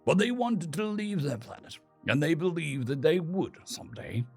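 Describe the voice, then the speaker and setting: A man voicing a gentle young father who explains things slowly and patiently to his son. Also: on the high side, very animated, vocal fry, slightly rough, soft background music, voice pushed up, exaggerated voice. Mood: patient, explaining. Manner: slow, explaining tone.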